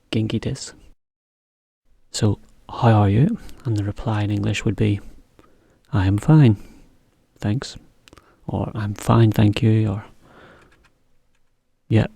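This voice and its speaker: A man teaching a slow, careful English lesson for learners, repeating each example phrase. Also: lowish voice, gravelly, warm tone, husky, no echo, clean studio sound.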